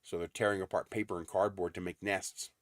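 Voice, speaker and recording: A man's voice: low voice, flat delivery, brisk, no echo, studio quality. A man hosting a casual livestream from his desert home, chatting in a rambling way with frequent ums. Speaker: livestream host.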